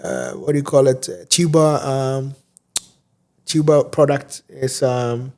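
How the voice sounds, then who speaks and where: A man from Ghana, a guest in a casual interview, explaining things unhurriedly with many fillers and pauses. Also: medium pitch, steady tone, darkish tone.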